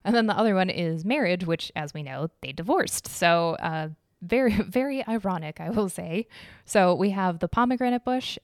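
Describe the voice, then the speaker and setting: A woman's voice: on the low side, no echo, clean studio sound. A young woman hosting a casual solo podcast, chatty and enthusiastic, giggling and correcting herself as she goes. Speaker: podcast host.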